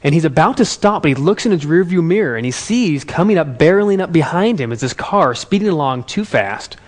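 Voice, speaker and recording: A man telling a story to an audience as a motivational speaker, in an animated, conversational way. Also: a little high, a little fast. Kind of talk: storytelling talk.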